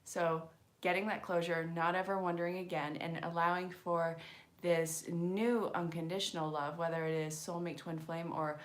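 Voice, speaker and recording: Woman, lowish voice, chatty, excitable, live-stream card reader, addresses viewers. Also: normal speed. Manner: chatty, excitable, talks to viewers, laughs often. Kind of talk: casual live-stream chat.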